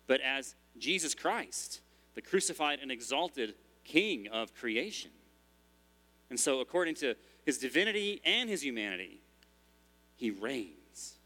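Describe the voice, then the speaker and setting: A man's voice: medium pitch, sharp tone. A man preaching a sermon in a church as pastor, in a conversational style with frequent restarts.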